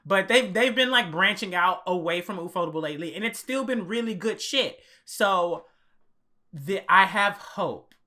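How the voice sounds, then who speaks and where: A young man co-hosting an anime podcast, telling a story in an animated, profane way and acting out his own reactions. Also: high-pitched, moderate pace. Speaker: podcast co-host. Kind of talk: casual podcast chat.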